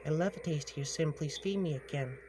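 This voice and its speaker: A man's voice: on the high side, fairly quick, noisy background, voice pushed up, close to an everyday voice. Man putting on a whispering creepy little old witch.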